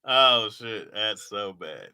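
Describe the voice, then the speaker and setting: A man's voice: lowish voice, expressive, takes it slowly, bright, forceful tone, clean tone. A man reading his old jokes aloud to a live chat in casual talk, laughing at them and mocking himself.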